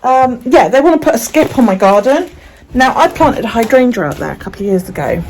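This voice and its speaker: A woman's voice: a little high, sing-song, fairly quick, a little mellow, a little hiss or hum. A woman chatting casually in a home vlog, swearing freely and talking to her dog. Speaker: vlogger.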